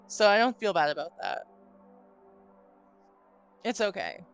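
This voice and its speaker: A woman's voice: medium pitch, wildly swooping pitch, measured pace, clear, resonant tone. A woman hosting a live stream, chatting casually and telling a long, rambling story with some swearing. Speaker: streamer host. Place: home stream room. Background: faint spooky music.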